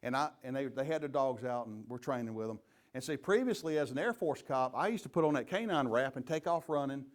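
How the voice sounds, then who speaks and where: A man's voice: medium pitch, fast. A middle-aged man, a police chief giving a leadership training talk full of folksy, joking stories. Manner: lively storyteller, folksy and joking.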